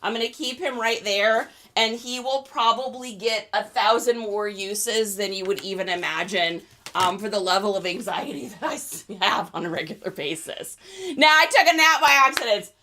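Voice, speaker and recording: A young adult woman hosting a casual livestream, chatty and excitable, laughing often. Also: medium pitch, moderate pace. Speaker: reseller livestream host.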